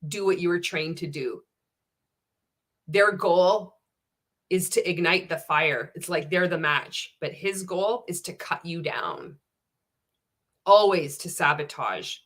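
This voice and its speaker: A woman's voice: lowish voice, takes it slowly. A woman hosting a candid reaction video, reading out viewer comments and giving blunt, sarcastic commentary full of swearing. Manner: animated and indignant.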